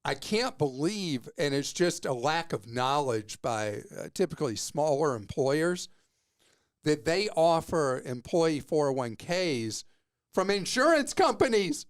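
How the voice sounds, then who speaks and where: A man's voice: fairly high pitch, animated, a little slow, clean tone. A man hosting a consumer money radio show, talking in a casual, self-mocking, joking way into a studio microphone.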